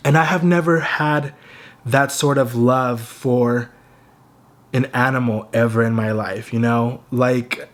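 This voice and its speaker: Young man, personal vlog, grief-stricken, stuttering and halting, close to tears, mid-range voice. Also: mid-range voice. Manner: grieving, halting, with a stutter and repeated words. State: fighting back tears. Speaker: vlogger.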